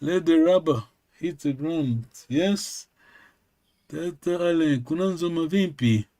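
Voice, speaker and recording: A man's voice: on the high side, slow pace, mellow. A man who speaks natively, teaching a language lesson. He is patient and repeats words many times.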